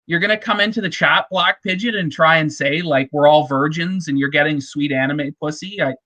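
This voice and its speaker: A man's voice: fairly high pitch, brisk, sharp tone. A man on a podcast, ranting crudely with heavy swearing in casual chat. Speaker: podcast co-host.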